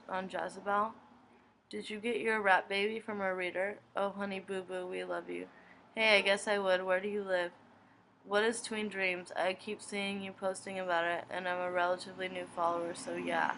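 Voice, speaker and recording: A young woman vlogger flatly reading fan messages from her inbox aloud, one after another. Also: mid-range voice, moderate pace, gravelly, slight background noise, low-quality recording. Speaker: video blogger reading fan questions.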